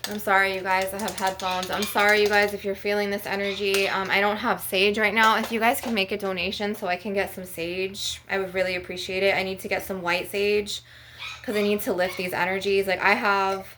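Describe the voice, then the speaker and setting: A woman's voice: medium pitch, little pitch movement, brisk, fairly bright tone. Woman, anxious, stressed, rambling, swearing, venting vlog, noisy background. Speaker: spiritual vlogger.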